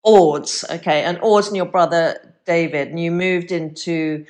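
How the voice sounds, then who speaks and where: A woman hosting an interview and asking her guests questions. Her voice is on the low side, and her tone is enthusiastic and encouraging. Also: steady tone, normal speed. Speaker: host. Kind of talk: interview chat.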